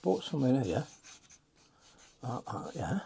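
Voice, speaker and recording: A man's voice: mid-range voice, very animated, takes it slowly, creaky, warm tone, breathy edge. An older man, chatting and muttering to himself as he demonstrates a watercolour painting.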